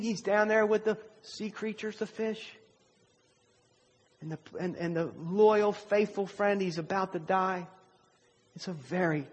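A man preaching a sermon as pastor, telling a story with slow, dramatic pauses. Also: high-pitched, in a large hall.

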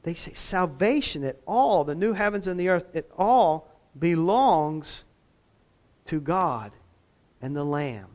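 Higher-voiced man preaching a sermon. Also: animated, slow, darkish tone. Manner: conversational, self-deprecating asides. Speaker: pastor.

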